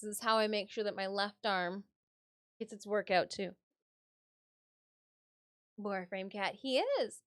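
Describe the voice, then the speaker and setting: A woman's voice: medium pitch, lively intonation, a little slow, long pauses, fairly bright tone, dry recording, studio quality. A woman from Michigan chatting casually on a live stream, sometimes cooing baby talk at her cats.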